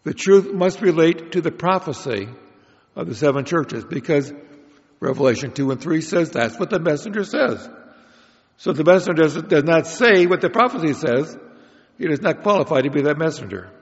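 A man giving a prepared Bible lecture in a measured, explanatory way, with occasional restarts. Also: a little high, lively intonation. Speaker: Bible study speaker. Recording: dull lo-fi recording in a reverberant hall.

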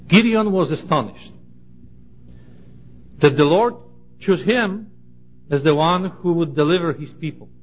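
A man giving a Bible study, reading scripture aloud in a measured, deliberate way and stressing key words. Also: on the high side. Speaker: Bible teacher. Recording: dull lo-fi recording.

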